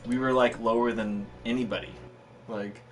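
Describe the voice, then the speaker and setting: A man's voice: medium pitch, steady tone, normal speed, faint music behind. A man in his thirties chatting casually while streaming a game, rambling and self-mocking, often breaking into laughter. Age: 30s. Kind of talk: casual chat while gaming.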